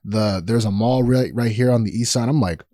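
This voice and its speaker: A man's voice: mid-range voice, moderate pace, dark tone, dry recording. A man hosting a podcast, telling a story in a casual, rambling and profane way with sudden emphatic outbursts. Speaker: podcast host.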